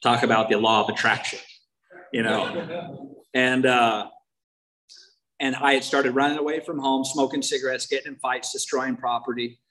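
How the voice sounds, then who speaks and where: A man's voice: mid-range voice, steady tone, moderate pace, long pauses, fairly bright tone, low-quality recording. Wry candid man sharing his recovery story. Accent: Californian. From United States. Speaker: main speaker at a recovery meeting. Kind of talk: personal recovery talk.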